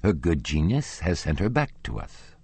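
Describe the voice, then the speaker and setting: A man's voice: low voice, huge pitch swings, normal speed, gravelly, darkish tone, breathy edge, exaggerated voice. A man voicing an anxious, simple old widow in an audiobook. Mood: fond.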